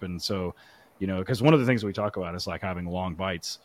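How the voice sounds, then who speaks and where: A man's voice: low voice, fast. A man co-hosting a podcast, telling stories with jokes and swearing. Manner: joking, profane storyteller. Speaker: podcast co-host. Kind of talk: casual podcast chat.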